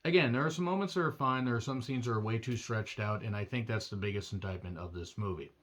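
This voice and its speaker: A man's voice: lowish voice, fast, a bit bright. A man giving a casual, rambling movie review with wry asides and self-corrections, his throat a little strained. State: throat strained from doing a demon voice.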